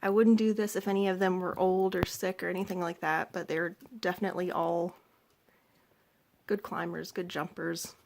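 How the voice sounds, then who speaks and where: A woman's voice: lowish voice, little pitch movement, normal speed, gravelly, darkish tone, slight background noise. A young woman in her twenties, a pet vlogger chatting casually at home beside a cage, rambling with many fillers and a little out of breath. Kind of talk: casual chat. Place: indoors at home by an animal cage.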